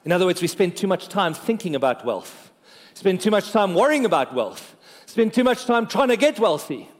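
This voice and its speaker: A male pastor preaches in a lively, joking way, checking in with his listeners as he goes. His voice sits high and his words roll out into a church hall with a long, trailing reverb. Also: moderate pace. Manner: lively, joking, talks to the congregation. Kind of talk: sermon.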